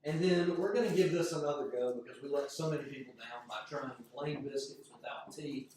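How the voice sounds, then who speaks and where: American guy hosting a snack tasting, reads out labels, boomy echoey room, mic kinda far off. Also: fairly quick, a little mellow. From United States. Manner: upbeat, reads product names aloud. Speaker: show host. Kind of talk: casual group snack chat. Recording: echoey room, distant mic, faint noise.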